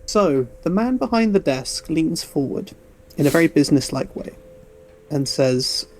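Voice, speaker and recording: A man runs a tabletop game as game master. He narrates slowly in a fairly high voice, pausing with fillers as he sets scenes and calls for rolls. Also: lively intonation, slight background noise. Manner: unhurried, with fillers.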